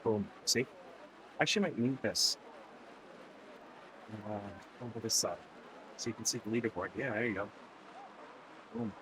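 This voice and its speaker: A man's voice: lowish voice, normal speed, long pauses, fairly bright tone, a little hiss or hum. Chatty man streaming a bike ride. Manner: chatty, laughs often, talks to viewers. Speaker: streamer riding an online cycling race. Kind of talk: casual live-stream chat.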